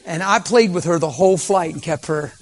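A man preaching, telling a story with vocal sound effects and sometimes dropping to a soft near-whisper. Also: fairly high pitch, brisk, faint music behind. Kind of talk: storytelling sermon.

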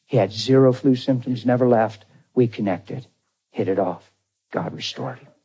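A man's voice: medium pitch, normal speed, warm tone, slightly rough. A man pastor preaching a storytelling sermon in a folksy, conversational way, talking straight to his congregation.

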